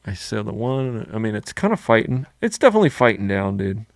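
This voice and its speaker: A man with a lowish, gravelly voice chats casually, thinking out loud in halting bursts and tossing in "dude". The sound is close and dry. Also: very animated, no room sound. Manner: thinks aloud, hesitant, says "dude" a lot. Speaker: co-host trading live. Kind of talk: casual live-stream chat.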